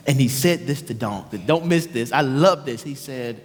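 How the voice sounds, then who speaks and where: A man preaching a sermon as a story, animated and emphatic. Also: medium pitch, normal speed, few pauses. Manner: animated, emphatic, acts out voices. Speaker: pastor. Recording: long reverb of a large hall.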